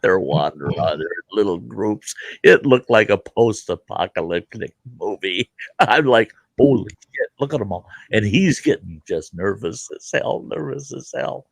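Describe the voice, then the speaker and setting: Male host, deep and dry-sounding, tells salty down-home stories. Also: gravelly, no room sound. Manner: folksy, salty yarn-spinning with crude asides. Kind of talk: casual storytelling chat.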